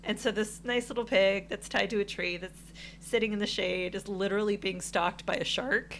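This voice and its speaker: A woman co-hosting a podcast, telling a travel story in casual chat, animated and laughing often. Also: mid-range voice, normal speed, slight background noise. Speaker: podcast co-host.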